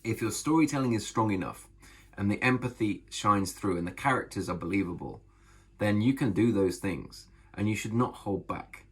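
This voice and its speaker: A man, an author, talking casually to camera about bold storytelling, enthusiastic and emphatic, with a gravelly, husky voice. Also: on the low side, moderate pace. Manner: enthusiastic, emphatic, repeats phrases. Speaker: author and vlogger.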